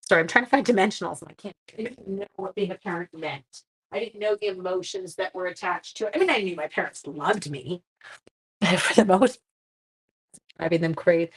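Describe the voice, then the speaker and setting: A middle-aged woman, chatting on a live stream while crafting, warm-hearted and getting teary. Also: mid-range voice, lively intonation, brisk, husky. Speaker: livestream crafting host.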